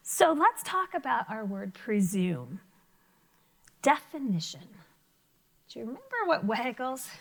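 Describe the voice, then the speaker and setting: A woman's voice: a little high, vocal fry. A woman teacher giving a vocabulary lesson to children, encouraging them with questions and praise. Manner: encouraging, talks to young pupils with questions and praise. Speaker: elementary school teacher.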